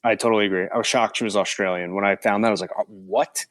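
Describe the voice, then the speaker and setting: A man's voice: lowish voice, steady tone, very fast, a bit bright, no room sound. A man co-hosting a movie podcast, joking and self-deprecating in casual chat. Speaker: podcast co-host.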